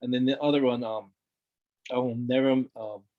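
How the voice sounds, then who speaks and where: A man's voice: medium pitch, fairly even intonation, normal speed, phone-quality sound. A middle-aged man from Hawaii, a guest talking earnestly in a casual conversation, repeating words for emphasis. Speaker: interview guest.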